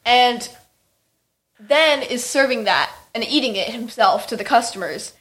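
A woman's voice: a little high, animated, a little slow, fairly bright tone. A woman chatting casually about a film with her co-host, teasing him and often checking in with "right?". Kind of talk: casual chat.

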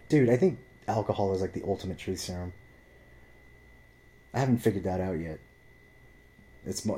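He's a young man with a low, dark, mellow voice, ranting in a blunt, heated, heavily profane way as he tells a casual story. He grew up speaking Spanish. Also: a little hiss or hum.

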